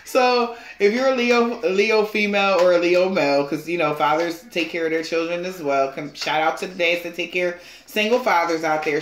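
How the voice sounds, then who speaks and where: Role: tarot reader. Style: casual reading to viewers. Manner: emphatic, pushy, laughs often, swears casually. Pitch: middle. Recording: roomy echo. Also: a bit bright, a little hiss or hum.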